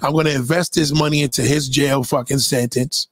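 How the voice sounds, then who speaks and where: A man voicing a brash, profane woman from New nearing sixty, who rants at the viewer in a loud, boastful, rambling comic monologue. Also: mid-range voice, steady tone, a little fast, dry recording, close to an everyday voice.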